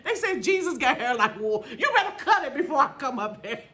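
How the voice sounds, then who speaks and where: Middle-aged woman vlogger with a high, swooping voice, chatty and laughing to camera. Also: fairly quick, slight background noise. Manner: animated, laughing, addresses viewers as y'all and honey. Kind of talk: casual storytelling to viewers.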